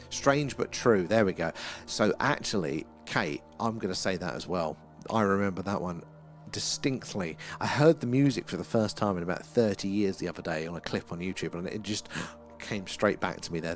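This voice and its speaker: A middle-aged Englishman hosts a live stream and chats loosely with viewers, reading their names off the chat and rambling between thoughts. His pitch rises and falls a lot as he talks. Faint music plays underneath him. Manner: chatty and rambling, reads out chat names, laughs often. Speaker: livestream host.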